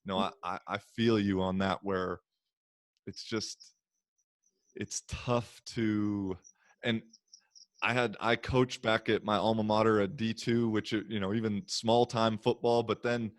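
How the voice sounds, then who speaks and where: Low-voiced man, relaxed podcast host. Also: measured pace, no echo, clean studio sound. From United States. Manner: relaxed, rambling with many fillers. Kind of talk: casual chat.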